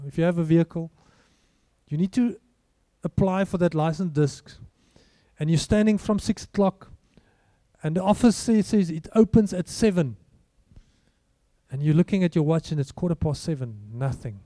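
A man's voice: on the high side, dark tone, no echo. A man preaching a sermon in a conversational way, full of rhetorical questions. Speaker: pastor.

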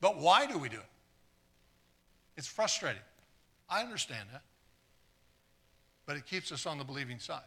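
Preacher guy with a real bright ringing voice, kinda high, stammers and repeats, jokes with the crowd. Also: very animated, moderate pace, vocal fry, pauses often, breathy edge. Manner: earnest, repeats and restarts words, jokes with the congregation; builds from quiet asides to loud, fired-up exclamations. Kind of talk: live sermon with audience volunteers.

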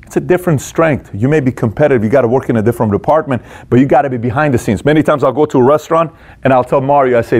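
A company leader teaching management delivers a motivational business talk, direct and punchy and packed with rhetorical questions. His medium-pitched, darkish voice races along.

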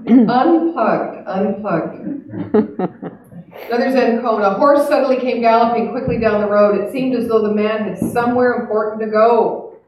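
A woman's voice: on the high side, moderate pace, a little mellow, a little hiss or hum. A woman giving a spiritual talk to a live audience, earnest and chatty, reflective by turns. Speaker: spiritual speaker. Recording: echoey hall, heard from a distance.

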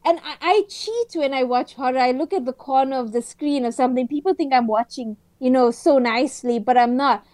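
Podcast co-host, woman, high voice, excitable dramatic storyteller, dry close sound. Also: fairly quick, hardly any pauses, no echo. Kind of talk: casual chat.

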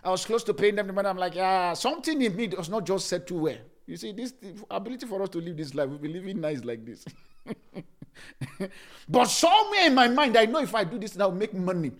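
A man preaching as a pastor, repeating phrases for emphasis, and swinging between loud emphatic lines and soft, laughing asides. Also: high-pitched, very animated, fast talker. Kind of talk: sermon.

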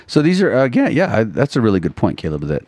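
A man co-hosting a casual parenting podcast, animated and quick to laugh, often tagging "right?" onto his points. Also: medium pitch, no echo. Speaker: podcast co-host.

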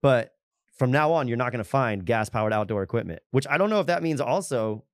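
A man's voice: mid-range voice, animated, a little fast, dry recording, clean studio sound. A man co-hosting a casual podcast, reading news items and joking with profanity. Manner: laid-back, profane, laughs often. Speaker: podcast co-host.

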